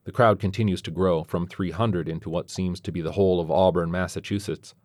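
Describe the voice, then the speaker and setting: A man reading a story aloud as narrator, keeping a steady storytelling pace with brief voiced quotes. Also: low-pitched, brisk, no room sound, studio quality. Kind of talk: scripted narration.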